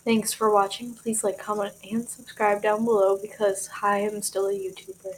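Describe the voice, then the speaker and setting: A young woman from Michigan talking in a rambling, excitable way, with many fillers, in a casual vlog. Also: medium pitch, moderate pace, slight background noise, rough recording. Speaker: vlogger.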